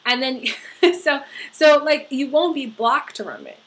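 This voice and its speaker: A woman giving a tarot horoscope reading, earnest and halting, with many fillers and restarts. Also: sits high, animated, fairly bright tone, rough recording. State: getting emotional. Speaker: tarot reader.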